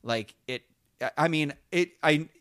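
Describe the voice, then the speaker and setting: Casting: male co-host, smooth resonant voice, dry close sound, chatty and halting. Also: a little high, fairly bright tone, no echo. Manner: rambling, halting, many restarts and fillers. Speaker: podcast co-host. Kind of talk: casual fan chat.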